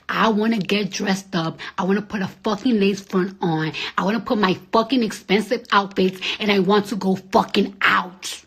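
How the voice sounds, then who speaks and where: A young woman chatting on a phone live stream at home, profane and rambling, swinging from loud outbursts to hushed whispers. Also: medium pitch, normal speed, hardly any pauses, slightly rough. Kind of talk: casual live-stream chat.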